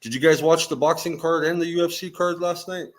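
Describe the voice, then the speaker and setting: A man's voice: on the high side, steady tone, a little fast. A man hosting a casual talk show, easygoing as he greets guests and brings up topics. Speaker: host. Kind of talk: casual chat.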